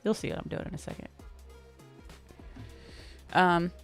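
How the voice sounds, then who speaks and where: Casting: woman with a low, deep voice, laid-back livestream host, chatty and upbeat, faint music underneath. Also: vocal fry. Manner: chatty, reads out and answers viewer comments; relaxed, upbeat, drawn-out fillers. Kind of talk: casual livestream chat.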